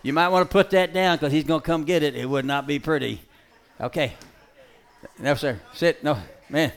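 A man's voice: steady tone, creaky, some chatter behind. Folksy man preaching with a dog. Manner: folksy and emphatic, swinging between loud calls and low quiet asides; gives brisk dog commands. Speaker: preacher giving a dog-training demonstration. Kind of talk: live sermon demonstration. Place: stage before a live audience.

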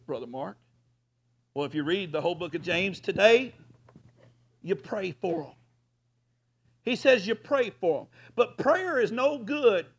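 A man preaching a folksy sermon as pastor, rising at times to loud hollers. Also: sits high.

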